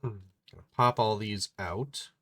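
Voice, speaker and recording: A man's voice: fairly low pitch, slow pace, sharp tone. A man streaming live, reading a puzzle book aloud and chatting playfully, often muttering to himself as he works.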